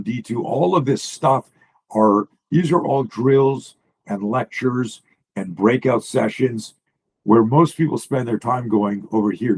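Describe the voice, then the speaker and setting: A self-defense coach explains drills while sharing slides on a video call, blunt and animatedly profane. His voice is husky and medium-pitched, and the audio quality is poor.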